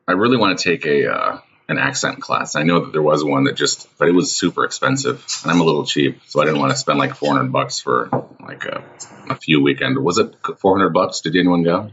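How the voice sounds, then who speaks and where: Deep-voiced rambling comedy co-host, a man. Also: brisk, a bit bright, lo-fi sound, slight background noise. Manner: rambling, full of "like". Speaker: podcast co-host. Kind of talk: casual comedy chat.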